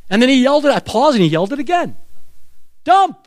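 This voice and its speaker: A man's voice: very high voice, very animated, very fast. A man preaching a sermon, telling stories with animation and leading the congregation in call-and-response.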